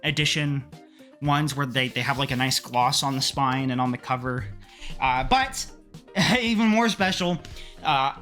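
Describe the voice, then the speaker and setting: A man talking casually in a haul vlog, excitable and quick to get heated, swearing freely as he rants. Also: mid-range voice, soft background music. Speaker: manga collector vlogger.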